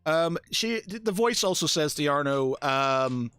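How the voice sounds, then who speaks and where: A man narrating as game master, halting and restarting often as he describes a scene. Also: on the high side, animated, fairly bright tone, clean tone, no echo. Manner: halting, full of fillers and restarts.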